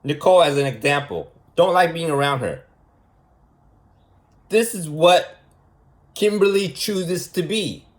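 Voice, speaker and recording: A man's voice: a little high, measured pace, pauses often. A man talking as a preschool teacher in a rambling, mocking monologue, repeating his points for emphasis. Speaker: preschool teacher giving a lesson.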